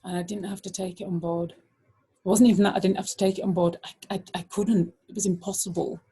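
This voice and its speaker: A middle-aged woman tells a personal story as a guest speaker, with a husky, breathy edge to her mid-pitched voice. She talks animatedly and keeps dropping in "like" as she goes. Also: fairly quick. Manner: animated, full of "like" fillers, acts out voices.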